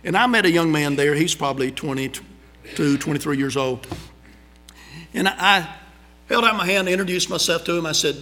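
Folksy preacher telling stories. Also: male voice, fairly high pitch, normal speed, pauses often. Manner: folksy, conversational, animated storytelling. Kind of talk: storytelling sermon. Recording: long hall reverb.

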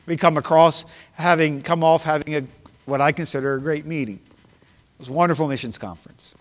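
A man's voice: mid-range voice, long reverb tail. A man preaching a sermon, earnest and confessional, building to emphasis when reading scripture. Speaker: pastor.

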